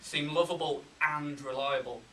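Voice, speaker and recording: A Yorkshire man delivers a humorous contest speech with deadpan timing, his voice bright and a bit high. The sound is roomy and distant, as if picked up from across a hall, with a faint hiss behind it. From England. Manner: deadpan comic timing, pausing for laughs. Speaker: contest speaker.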